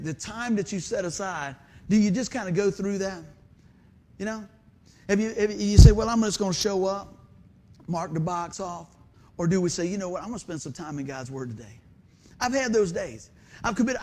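A man preaching a sermon as pastor of a church, telling folksy stories with lively quoted voices. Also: high-pitched, a little fast. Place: church sanctuary.

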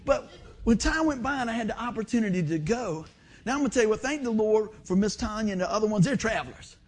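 A man's voice: high voice, expressive, fast talker, breathy edge. A man preaching a sermon in a folksy, storytelling way, often saying "man". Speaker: pastor.

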